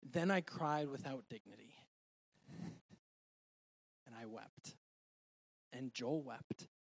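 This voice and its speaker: A man preaching a sermon and sharing a personal testimony, earnest and heartfelt, moving between loud and soft delivery. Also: medium pitch, slow, gravelly.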